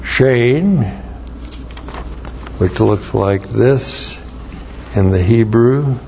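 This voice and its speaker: A man's voice: medium pitch, drawn-out words, gravelly, mellow, slight background noise. A man teaching a Bible lesson, explaining Hebrew words and spelling them out letter by letter. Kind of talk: verse-by-verse Hebrew word study. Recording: dull lo-fi recording.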